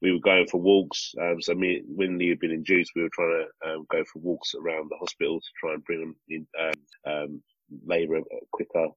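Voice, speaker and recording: A man with a very deep, husky voice tells a story in casual podcast chat. He rambles and restarts often, and his delivery stays animated. The recording is dry and a little dull, like a lo-fi mic. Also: normal speed, dry recording. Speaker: podcast co-host, father.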